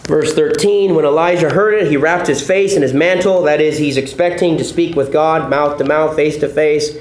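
A man's voice: on the high side, moderate pace, darkish tone, reverberant, a little hiss or hum, low-quality recording. A male pastor teaching a sermon, explaining a text step by step, repeating key points and putting questions to his listeners.

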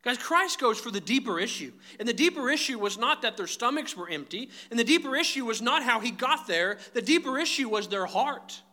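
A man's voice: very high-pitched, lively intonation, fairly quick, few pauses, pushed and bright. A man preaching a sermon, emphatic and direct, often calling his listeners "guys". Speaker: pastor.

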